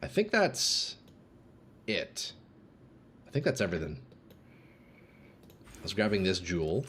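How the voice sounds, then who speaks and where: A man's voice: low voice, a little hiss or hum. Chatty male game streamer on a desk mic. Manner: casual and chatty, reads chat aloud, bursts of hype. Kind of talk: live-stream commentary while playing. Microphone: desk streaming microphone.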